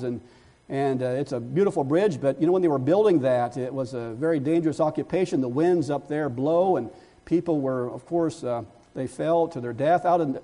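Male pastor preaching, high warm voice, repeats words mid-thought. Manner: builds in volume and pitch as stories peak; repeats words while searching for the next phrase. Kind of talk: sermon.

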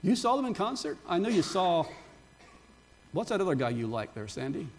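An older man, a pastor, giving a Palm Sunday sermon, with animated preaching and chatty asides to his congregation. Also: high voice, moderate pace, slight background noise.

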